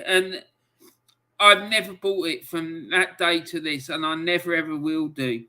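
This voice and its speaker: A man's voice: on the high side, bright, forceful tone. A man hosting a football livestream, ranting angrily and emotionally, swearing and reading out chat messages. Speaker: football channel host.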